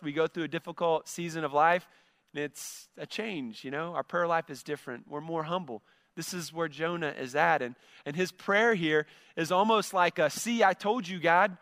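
A man's voice: high-pitched, dry recording, clean studio sound, big-room sound. A man preaching a sermon, reading scripture and then explaining it, acting out an angry voice in quoted lines. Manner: animated, acts out Jonah's angry voice. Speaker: pastor.

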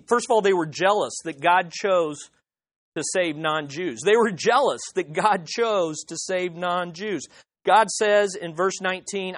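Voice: medium pitch, a bit bright. An emphatic preacher working through a verse-by-verse sermon, with a mid-range voice. The delivery hammers home each point by repetition and frequently restarts phrases mid-thought. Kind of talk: expository sermon.

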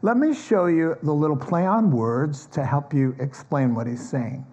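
A man preaching a sermon as pastor, earnest and emphatic, explaining scripture step by step in a conversational teaching tone. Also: normal speed. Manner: earnest, emphatic preaching that climbs higher and louder on key points. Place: church.

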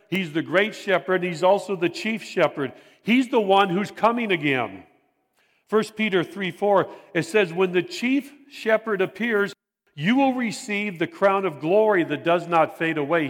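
Man preaching in a reverberant hall. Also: on the high side. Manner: measured, emphatic preaching with repetition. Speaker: pastor. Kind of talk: sermon.

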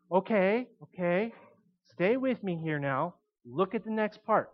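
A man preaching a sermon in an animated way, shifting between quiet explanation and emphatic points. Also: high voice, a little slow, highs cut off.

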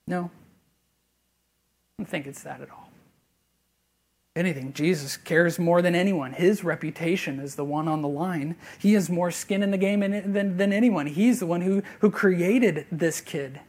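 A man preaching a sermon as pastor, earnest and conversational, rising to loud emphasis and then dropping to a hushed near-whisper. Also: high-pitched, moderate pace. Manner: conversational, with fillers and restarts.

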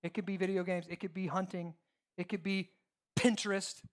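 Pastor, male, emphatic sermon delivery, dips to near-whispers and climbs to loud points. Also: high-pitched, fairly quick. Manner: animated, emphatic, shifts from hushed to loud.

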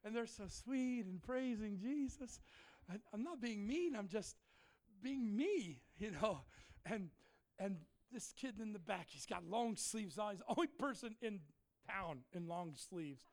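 Preacher, male, middle-aged, high voice, folksy and joking, erupts into shouts mid-story. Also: lively intonation, unhurried. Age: middle-aged or older. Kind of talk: sermon storytelling. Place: church in front of a congregation.

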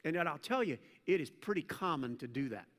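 A man preaching a sermon as pastor, swinging from loud emphatic peaks down to low, quiet stretches. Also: animated, fairly quick. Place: church sanctuary. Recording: long hall reverb.

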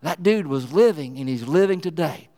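A man's voice: fairly high pitch, expressive, moderate pace, mellow. A man voicing a huge, proud old granddaddy rock who tells his story in a folksy, boastful way. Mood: folksy boasting. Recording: reverberant church hall.

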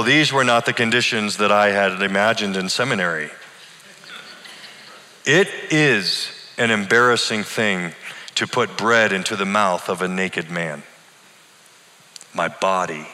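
A middle-aged man, a pastor, telling a personal story in an earnest, deliberate and emotional way, like a sermon. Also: deep voice, sharp tone. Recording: long hall reverb.

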